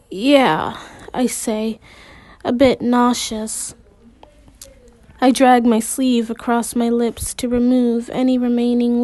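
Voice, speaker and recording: A woman's voice: on the high side, warm tone, no room sound. Woman reading a story aloud, slips and restarts now and then, dry close sound. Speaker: amateur audiobook reader. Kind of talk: reading a novel aloud in first person.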